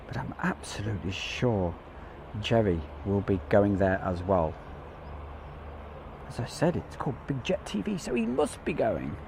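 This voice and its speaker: Midlands-accented male stream host, casual and self-deprecating, animated delivery. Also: lowish voice, measured pace, vocal fry, background noise. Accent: English Midlands. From English Midlands. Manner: chatty, rambling, self-deprecating. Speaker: livestream host. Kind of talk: casual live commentary.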